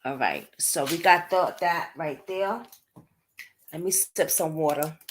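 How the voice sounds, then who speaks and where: A woman's voice: low voice, takes it slowly, slight background noise. A woman hosting a casual livestream at home at night, chatting to her viewers and reacting to their comments as she goes. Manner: chatty, talks straight to viewers and reads out comments. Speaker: livestream host discussing unsolved cases. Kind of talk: casual live-stream chat.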